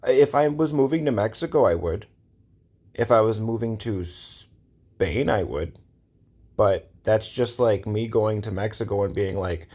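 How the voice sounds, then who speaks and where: A man's voice: fairly low pitch, a little slow, a little mellow. A man ranting to camera in a casual, exasperated way, repeating his points and asking rhetorical questions. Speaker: vlogger. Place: Los Angeles area.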